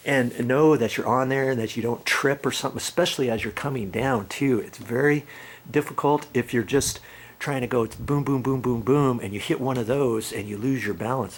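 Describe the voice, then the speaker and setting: A medium-pitched man hosts a casual DIY how-to video, working on a ladder outdoors. He explains things plainly, repeats his points, and checks in with "okay?" The recording sounds roomy, distant, and noisy.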